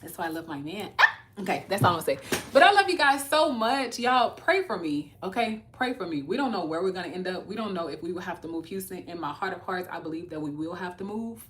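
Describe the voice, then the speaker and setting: A woman's voice: on the low side, lively intonation, fast, fairly bright tone, a little hiss or hum. A woman in her thirties from Texas, hosting a casual livestream and talking earnestly to her viewers. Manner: earnest, talks to viewers as y'all. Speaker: livestream host.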